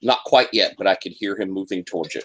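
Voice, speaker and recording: A man's voice: sits low, fast. A man from South Carolina playing a tabletop game, talking in a friendly, enthusiastic way and often saying "you know". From South Carolina, USA. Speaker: player. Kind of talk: casual chat at a tabletop game.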